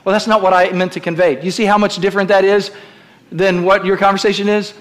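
A man's voice: high voice, level tone, quick pace. A middle-aged man preaching a sermon as pastor, emphatic and direct, calling on the congregation to repeat phrases aloud. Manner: emphatic preaching with call-and-response prompts. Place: church.

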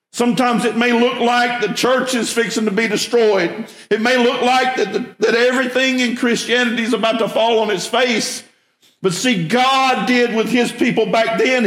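A man's voice: very high-pitched, a bit bright, roomy sound. A man preaching a sermon as a pastor, emphatic, rising when he stresses a point.

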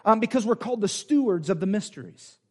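Male pastor, fairly high voice, animated sermon delivery with repetition and acted-out quotes. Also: fast talker. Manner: animated preaching, acts out quoted voices, repeats phrases. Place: church sanctuary.

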